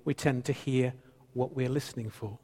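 A man's voice: mid-range voice, steady tone, moderate pace, warm tone, slightly rough, long reverb tail. A man in his fifties, a pastor preaching a sermon, playful and teasing with the congregation and repeating phrases for emphasis. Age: 50s.

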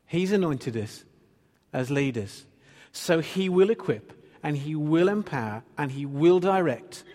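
A man's voice: fairly high pitch, expressive, measured pace, darkish tone, long reverb tail. A man preaching a sermon as pastor, earnestly reading and explaining scripture.

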